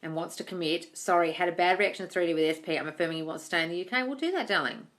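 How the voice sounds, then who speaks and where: A woman answering live-stream questions in a bright, forceful voice. She is blunt and swears freely, reads viewers' comments aloud, and calls everyone darling. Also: lowish voice, animated, racing. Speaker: manifestation coach answering live chat questions.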